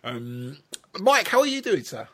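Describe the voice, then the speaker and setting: A man's voice: on the high side, sing-song, unhurried, bright, forceful tone, husky. A man from London with a London accent, hosting a casual podcast chat and joking and laughing often. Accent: London English. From London, England. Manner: chatty and jokey, laughs often. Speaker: podcast host.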